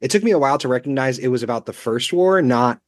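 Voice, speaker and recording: A man's voice: medium pitch, lively intonation, fast talker, no echo. Guy talking books casually, dry close sound. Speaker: book club member. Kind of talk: casual chat.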